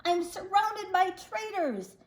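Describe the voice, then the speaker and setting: A woman's voice: very high voice, animated, slow, roomy sound, voice pushed up, heavily acted. A woman reading aloud, voicing a boastful, furious male shark king in a storybook tale. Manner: raging, gloating.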